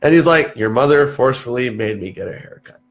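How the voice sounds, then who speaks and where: A young man in his twenties from Texas chats casually as a podcast guest. He tells stories in an animated way, swears freely and tosses in "dude" at every turn, and his voice sits at an ordinary pitch for a man. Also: brisk. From Texas, USA. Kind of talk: casual chat.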